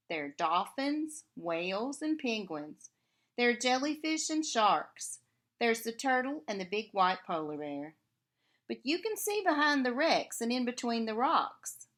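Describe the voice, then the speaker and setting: A woman reads a rhyming children's picture book aloud and pauses to chat about the pictures and add sound effects. Her voice is bright and very lively, swooping up and down. She reads slowly and clearly. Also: a little high. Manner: expressive and animated, adding sound effects.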